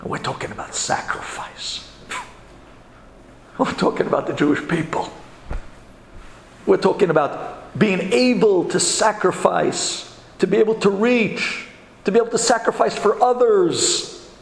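A man, a rabbi, telling a story in an animated, dramatic sermon style. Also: high voice, measured pace, creaky. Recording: echoey hall with long reverb.

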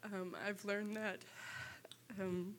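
A tearful woman shares a testimony in church, her voice soft and halting, pausing often. Her pitch sits in an ordinary middle range. A faint hum of noise lies under her words. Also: level tone. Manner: halting, soft, with many pauses and fillers. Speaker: church member giving testimony. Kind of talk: personal testimony.

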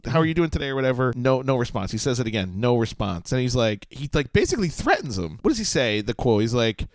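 Lively joking man, podcast co-host. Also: mid-range voice, fast, dry recording, studio quality. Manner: animated, joking, acts out lines from the film. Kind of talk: casual movie review chat.

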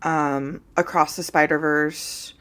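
Blunt, excitable woman, lowish voice. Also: slow pace, clear, resonant tone. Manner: blunt, excitable, swears freely. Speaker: podcast co-host. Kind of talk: casual chat.

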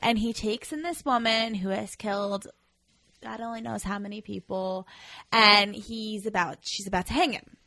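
A woman's voice: mid-range voice, steady tone, moderate pace, bright, forceful tone, no echo. Giggly young woman talking movies. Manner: giggly, bubbly, loses words. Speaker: guest. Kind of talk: casual movie review chat.

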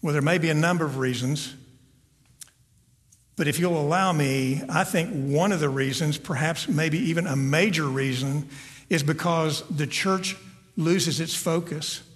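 A man preaches to his congregation as pastor at a measured pace, his voice a little high. Earnest, he often repeats words while reaching for the next one, and the church sanctuary gives a long hall reverb.

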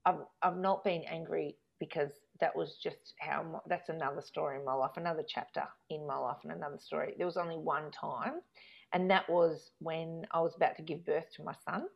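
A woman, chatting casually as she tells a long personal story, rambling and growing animated when she recounts arguments. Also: low voice, brisk, gravelly. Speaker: guest telling a life story. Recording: dull lo-fi recording.

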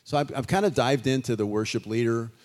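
An older man answers audience questions at a festival talkback, chatty and rambling with restarts. His voice sits at a middle pitch, and he grows animated as he talks. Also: fast. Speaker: guest musician.

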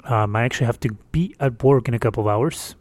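A man's voice: medium pitch, quick pace, darkish tone, no echo. Man, podcast host, casual monologue, exasperated, rambling, dry sound, distorted microphone. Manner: chatty, exasperated, rambling with fillers. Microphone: windscreened microphone.

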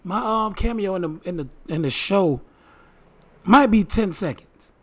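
A man's voice: sits high, animated, a little slow. A man co-hosting a casual podcast, telling a story in loose, joking banter. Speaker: podcast co-host.

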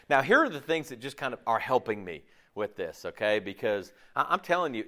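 A middle-aged man preaching a casual, conversational sermon, chatty and animated, with slangy asides and frequent restarts. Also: medium pitch. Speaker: pastor.

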